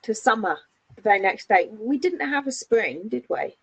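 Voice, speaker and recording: A woman's voice: on the high side, expressive, normal speed, slightly rough. A woman with a Northern English accent co-hosting a casual crafting chat and chiming in with agreement. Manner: supportive listener, brief agreeing replies. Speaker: podcast co-host. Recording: slightly dull lo-fi sound.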